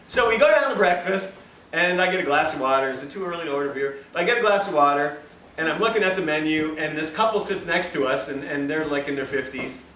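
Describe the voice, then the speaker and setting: Male lecturer, high and bright, jokey storyteller; echoey room, distant mic, faint ambience. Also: lively intonation, fast talker, a little hiss or hum. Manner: chatty, joking, self-mocking asides. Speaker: lecturer at a health institute. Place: lecture room at a health institute.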